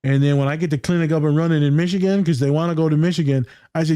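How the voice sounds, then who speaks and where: A man's voice: on the high side, steady tone, racing, hardly any pauses, dark tone, clear, resonant tone, dry recording. Male podcast host, candid, profane, casual, dry close sound.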